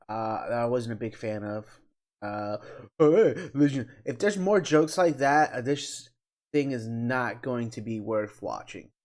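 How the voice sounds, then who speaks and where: A man's voice: mid-range voice, darkish tone. Candid middle-aged man reacting casually. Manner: candid, opinionated, swears casually, hesitant with fillers. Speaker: channel host reacting to a trailer.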